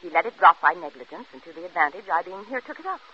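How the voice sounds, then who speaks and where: A performer playing the villain's anxious young wife in a 1950s radio drama, pleading and uneasy, on an old, noisy radio broadcast. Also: male voice, sits high, sing-song, fast talker, lo-fi sound.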